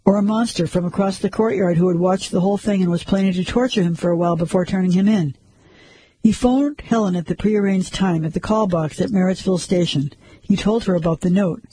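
A man narrating a crime story like an audiobook, measured and suspenseful. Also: high-pitched, mellow, breathy edge, low-quality recording.

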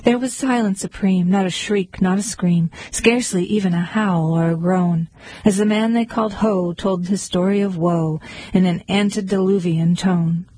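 A woman reading poems aloud in a measured recitation. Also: on the low side, fairly even intonation, warm tone, husky, no room sound, rough recording. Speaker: reader. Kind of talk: poetry reading.

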